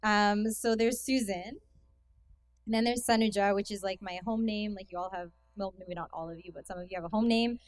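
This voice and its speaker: Young Canadian woman, relaxed conference speaker, chatty and self-deprecating, dry close mic. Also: mid-range voice, brisk, no room sound. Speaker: guest speaker. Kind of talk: casual talk to a youth conference. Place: hall with an audience.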